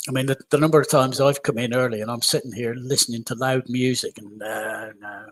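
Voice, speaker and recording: A man's voice: mid-range voice, steady tone, fairly quick. Storytelling British man on a panel. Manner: tells stories with little acted quotes. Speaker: panel guest. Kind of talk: casual chat.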